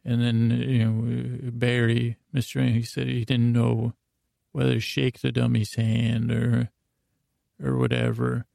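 A man hosting a podcast who tells an improvised comic story in a rambling, halting way. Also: mid-range voice, monotone, gravelly, dark tone, dry recording, clean studio sound. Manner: rambling, halting, full of restarts. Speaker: podcast host.

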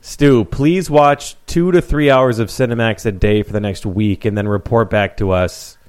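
A man in loose podcast banter, joking in a dry, deadpan way. His voice sits a little low. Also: normal speed, smooth. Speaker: podcast co-host. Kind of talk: casual chat.

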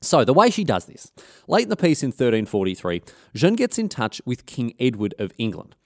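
Lively, slangy man. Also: medium pitch, brisk, no room sound, clean studio sound. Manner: slangy, irreverent, many fillers. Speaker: podcast host. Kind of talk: comic history storytelling.

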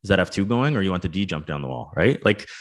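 A man's voice: deep voice, big pitch swings, fast. A man co-hosting a casual hockey talk show, thinking aloud with many restarts and repeated words. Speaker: co-host, former pro hockey player and coach.

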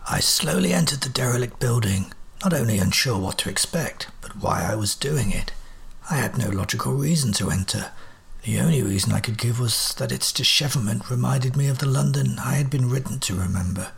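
A man's voice: mid-range voice, animated, brisk, gravelly, breathy edge, exaggerated voice. A man playing a dry, sardonic detective. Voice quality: dry, clipped, precise Victorian diction. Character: aloof, sardonic male detective, cool and precise.

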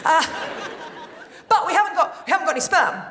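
Woman comic, super high voice, big roomy theatre, crowd all around. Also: big pitch swings, fairly quick, heavy background noise. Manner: chatty, self-mocking delivery. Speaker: stand-up comedian. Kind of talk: live stand-up set. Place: theatre stage with live audience. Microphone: stage microphone.

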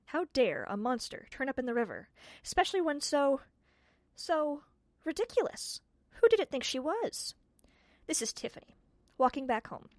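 A woman narrating a storybook in an expressive, measured way. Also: mid-range voice, no echo. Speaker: audiobook narrator.

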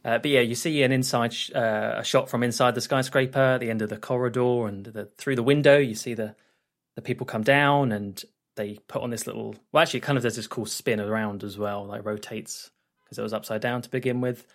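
A man's voice: medium pitch, fairly even intonation, fairly quick. A man co-hosting a podcast, casually recapping a film scene by scene in a rambling way, with plenty of fillers and restarts. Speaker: podcast co-host.

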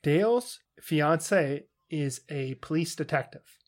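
A man's voice: on the high side, lively intonation, slow pace. A man co-hosting a casual podcast, ranting animatedly about a show and acting out lines in funny voices. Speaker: podcast co-host. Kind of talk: casual chat.

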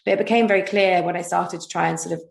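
A woman's voice: on the low side, fairly even intonation, racing, vocal fry, reverberant. Chatty, self-mocking posh English woman. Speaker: guest, comedy content creator. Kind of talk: candid conversational storytelling.

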